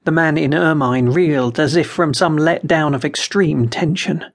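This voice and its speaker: A man narrating an unabridged fantasy audiobook in a measured, dramatic way. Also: a little high.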